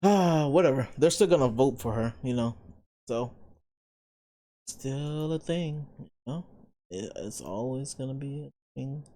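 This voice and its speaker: A man hosting a reaction video. He talks slowly in a middle-pitched voice, low-key and trailing off as he comments. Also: animated, dark tone. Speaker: reaction channel host.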